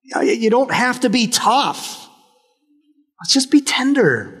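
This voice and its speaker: A man's voice: very high voice, sing-song, a little slow, long pauses, a bit bright, slightly rough, in a large hall. A male pastor preaching a conversational, humorous sermon with frequent restarts. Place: church sanctuary.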